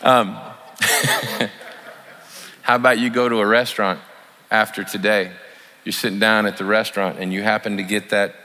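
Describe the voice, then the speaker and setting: A man's voice: lowish voice, level tone, normal speed, long pauses, bright, forceful tone. A man preaching a sermon in a folksy, conversational way, acting out heartfelt apologies as examples. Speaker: pastor. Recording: long hall reverb, faint room noise.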